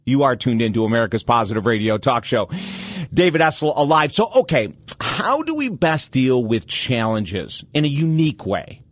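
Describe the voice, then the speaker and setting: Energetic male radio talk show host. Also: mid-range voice, moderate pace, no room sound. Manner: energetic, motivational, animated delivery.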